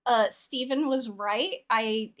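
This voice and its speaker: A woman with a high voice plays in a tabletop game, reacting quickly and chatting. The talk is casual and relaxed, heard over a call mic. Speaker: player.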